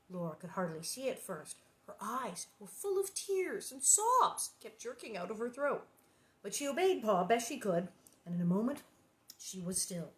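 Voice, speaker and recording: A woman's voice: medium pitch, very animated, moderate pace. A woman in her sixties reading a children's book aloud and breaking off for wry, laughing asides. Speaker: reader and host. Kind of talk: storybook reading with chatty asides. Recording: roomy echo.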